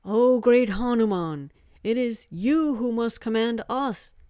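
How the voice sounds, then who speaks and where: A woman reading a story, voicing a refined young man who speaks in a crisp, formal way. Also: a little high, slow pace, warm tone, dry recording, clean studio sound, voice pushed up. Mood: earnest.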